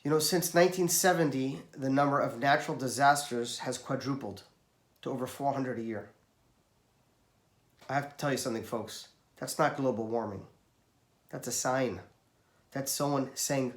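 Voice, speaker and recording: A man's voice: mid-range voice, moderate pace, pauses often. A man giving an emphatic, storytelling Torah talk, recorded in an echoey room. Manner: storytelling, emphatic, rising for quoted voices. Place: South Florida.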